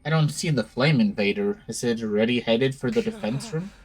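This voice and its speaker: A man reads visual novel narration and dialogue aloud at a mid pitch, breaking off with startled questions as the story turns. Soft game music plays behind him. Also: brisk, husky, poor audio. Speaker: streamer.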